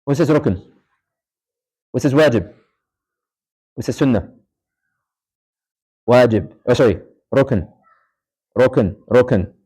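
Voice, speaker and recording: A man's voice: mid-range voice, a little mellow, husky, low-quality recording. A man teaching a live class in a mosque, casually walking students through a prayer demonstration and quizzing them as he goes. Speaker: Islamic studies teacher.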